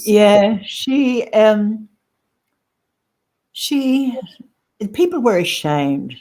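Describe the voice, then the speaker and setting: A woman recounting personal experience as an interview guest, halting and emotional, often repeating her phrases. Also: medium pitch, big pitch swings, darkish tone. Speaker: guest sharing lived experience. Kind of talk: personal testimony in conversation.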